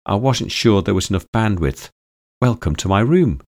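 A man reading aloud, voicing a gentle, eager young woman who speaks telepathically in a soft, earnest way. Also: fairly low pitch, animated, normal speed. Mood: friendly.

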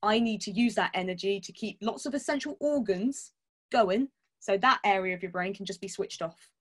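A woman's voice: medium pitch, normal speed. Woman chatting on a podcast, blunt and jokey, lots of laughing and swearing. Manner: candid, laughs often, swears casually. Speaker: podcast guest. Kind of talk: casual chat.

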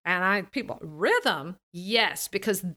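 A woman's voice: mid-range voice, lively intonation, takes it slowly, sharp tone. A woman who coaches singers and speakers, talking animatedly in an interview and laughing often. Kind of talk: casual interview talk.

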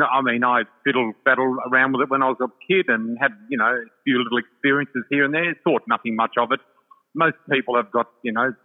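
An older Australian man, a psychic guest, telling his story in an effusive, chatty way with many fillers. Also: mid-range voice. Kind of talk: casual storytelling chat. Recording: tinny phone-like line with long reverb.

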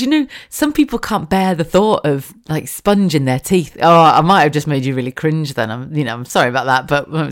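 Woman rambling on her podcast, low-pitched voice, giggly, bit sweary. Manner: chatty, laughs often, swears casually. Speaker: podcast host. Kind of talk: casual solo podcast chat. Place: home wardrobe room. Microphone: studio mic with a damaged foam windscreen.

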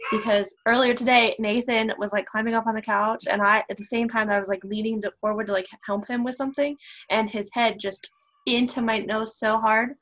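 A woman, a guest on a group call, telling a casual story. She talks in an animated, rambling way, and her voice sits a little high. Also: brisk. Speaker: guest caller.

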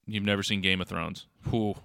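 A lower-voiced man with a bright, forceful tone speaks in casual podcast chat, opinionated and full of stammered restarts. His voice is dry and close, with no room around it. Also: steady tone, moderate pace, vocal fry, no echo. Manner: opinionated, stammers and repeats words. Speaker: podcast co-host.

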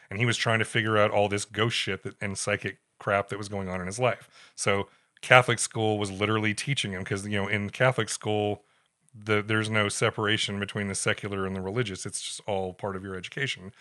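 A podcast co-host with a lowish, bright, forceful voice tells a story in a wry, casual manner. He reads quotes aloud, putting on voices for them.

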